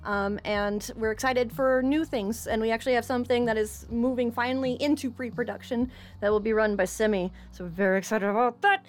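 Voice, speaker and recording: A woman's voice: fairly high pitch, fairly even intonation, a little fast. A woman hosting a tabletop game stream as its game master, chatty and stumbling over her words. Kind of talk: tabletop stream intro and announcements.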